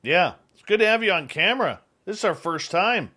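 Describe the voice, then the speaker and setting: A man's voice: high-pitched, expressive, brisk, pushed and bright. A man hosting a radio show, chatting casually and reading a live ad in a joking, rambling way. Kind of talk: casual chat and live ad read.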